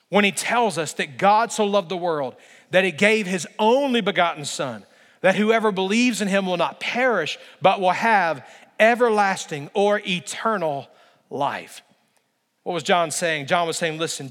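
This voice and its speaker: A man with a high, bright-pitched voice delivers an emphatic sermon as a pastor. He slows down and leans on key phrases, and his voice carries through a large church sanctuary with a long reverb tail.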